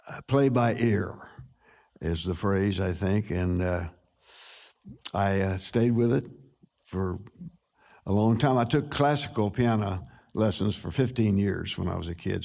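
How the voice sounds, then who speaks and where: A man in his eighties, a musician guest, telling stories in a relaxed interview with frequent pauses. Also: on the low side, creaky. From United States. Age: 80s. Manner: unhurried, with frequent "uh" pauses and easy laughs.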